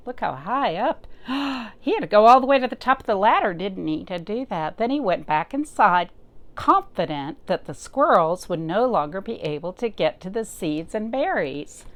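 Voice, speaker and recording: A woman librarian reading a picture book aloud to children, pausing often to point things out and ask them questions. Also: mid-range voice. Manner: slow, expressive, pausing to talk to young listeners.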